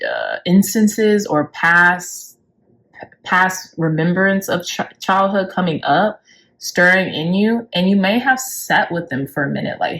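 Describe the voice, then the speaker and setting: A woman gives a pick-a-card tarot reading, effusive and emotional, her pitch swinging upward on key words as she swears casually.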